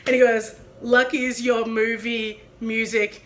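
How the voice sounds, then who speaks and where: Bright high-voiced woman telling a story. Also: moderate pace. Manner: animated, laughing, acts out quoted people. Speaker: vlogger. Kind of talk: casual storytelling chat.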